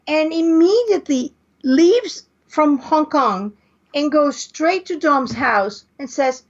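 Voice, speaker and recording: Woman podcast co-host, high voice, slow, halting delivery, muffled lo-fi sound. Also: animated. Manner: hesitant, restarts often while arguing a point. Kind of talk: casual chat. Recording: dull lo-fi podcast audio.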